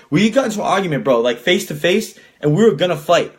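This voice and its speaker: A man's voice: on the high side, fast, hardly any pauses, slightly rough. A young man hosting a podcast, telling stories in a casual, profane rant and acting out the people he quotes. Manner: profane, animated storytelling with quoted voices. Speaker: podcast host. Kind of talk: casual ranting monologue.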